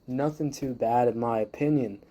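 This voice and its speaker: A man's voice: medium pitch, moderate pace, dark tone. A man hosting a music review show, ranting heatedly and swearing constantly while he judges a song. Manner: heated, swears constantly, leans on "you know".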